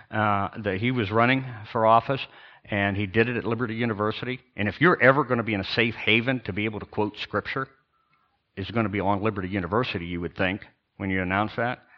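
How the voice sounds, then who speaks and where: An older man, a pastor, preaching a sermon in an emphatic, sarcastic way with pauses and restarts. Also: on the low side, lo-fi sound.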